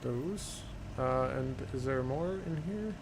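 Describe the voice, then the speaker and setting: Gaming host, male, unhurried and chatty, thinks aloud as he plays, faint hum behind. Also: medium pitch, animated. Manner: easygoing, muttering to himself with fillers. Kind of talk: casual gameplay commentary.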